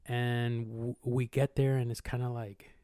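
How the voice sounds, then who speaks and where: A young adult man telling a story in a casual chat, animated and slangy with lots of swearing, often acting out sounds and voices. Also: medium pitch, measured pace, clean tone, dry recording, clean studio sound.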